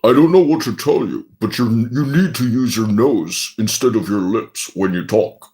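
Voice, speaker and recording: A man's voice: on the low side, moderate pace, a little mellow, poor audio. A man hosting a casual livestream, teasing and theatrical. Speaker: livestream host.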